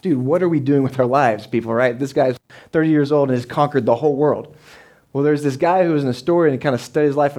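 A man in his thirties preaches to his congregation in a loose, conversational way, with plenty of asides and quick questions to the room. His voice sits at an ordinary middle pitch for a man, and he speaks from the pulpit of a church sanctuary. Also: a little mellow. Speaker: pastor. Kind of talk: sermon.

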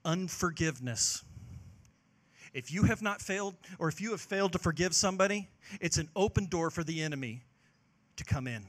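A male pastor delivers a sermon in a high, bright, forceful voice. He preaches with passion, swinging between loud calls to action and quiet, earnest moments. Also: animated, normal speed.

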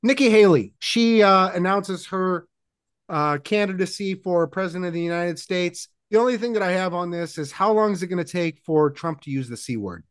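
A man co-hosting a casual podcast, making wry deadpan quips. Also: high voice, normal speed, smooth. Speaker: podcast co-host. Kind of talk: casual chat.

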